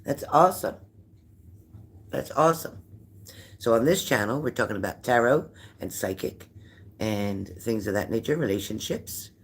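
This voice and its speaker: A man's voice: lowish voice, expressive, moderate pace, husky. An older man hosting a psychic livestream, tired and chatty, rambling and greeting viewers by name. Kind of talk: casual livestream chat reading viewer comments.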